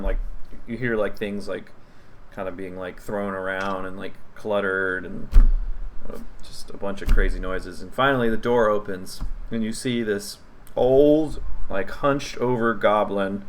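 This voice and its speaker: A man's voice: on the low side, a little hiss or hum. A young man narrating a tabletop game as game master, casual and full of fillers.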